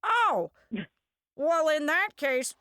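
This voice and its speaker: A woman voicing an excitable, chatty older man who gushes in high, drawn-out exclamations. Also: no echo, studio quality, heavily acted. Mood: gushing.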